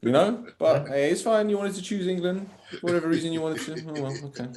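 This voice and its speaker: A man's voice: on the high side, fast talker. A man co-hosting a fantasy football podcast, chatting casually and animatedly, swearing freely. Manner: animated, swearing, does mock voices. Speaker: podcast co-host. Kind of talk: casual banter.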